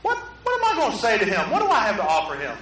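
A middle-aged man, preaching a sermon to a room, swinging from hushed to loud. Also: sits high, huge pitch swings, fast, echoey room, recorded from a distance, low-quality recording. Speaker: pastor. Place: room with an audience.

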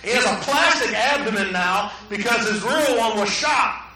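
A middle-aged man, preaching a sermon to a room, swinging from hushed to loud. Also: very high voice, expressive, moderate pace, reverberant, distant mic, poor audio. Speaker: pastor. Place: room with an audience.

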